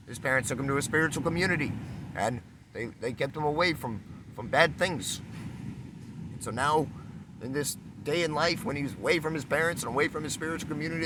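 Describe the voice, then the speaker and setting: A man's voice: mid-range voice, a little fast, noisy background. A man giving a casual spiritual talk, rambling and repetitive, acting out quoted exchanges. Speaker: spiritual speaker.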